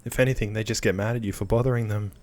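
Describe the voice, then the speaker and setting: A man's voice: on the low side, fairly even intonation, racing, darkish tone, close to an everyday voice. A man voicing a blunt, wry young female companion in a dry, casual tone while reading game dialogue aloud.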